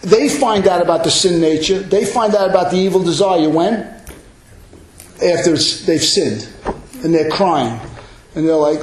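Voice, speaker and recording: Pastor, male, high voice, emphatic sermon delivery, echoey hall. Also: unhurried, long pauses, slight background noise. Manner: emphatic preaching that builds to loud exclamations.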